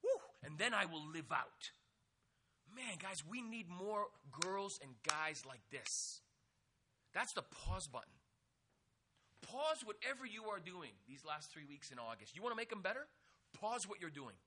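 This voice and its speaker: A man preaching an energetic youth sermon, acting out quotes and joking with the listeners. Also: sits high, a little slow, breathy edge. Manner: animated, acts out quotes, jokes with the audience. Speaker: youth pastor.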